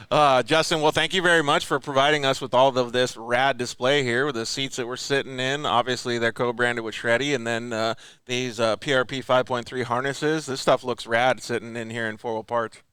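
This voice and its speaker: A man's voice: mid-range voice, fairly even intonation, moderate pace, pushed and bright, smooth, no room sound. A man hosting a casual off-road show chat in a parts store, laid-back and slangy, laughing often. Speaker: show host.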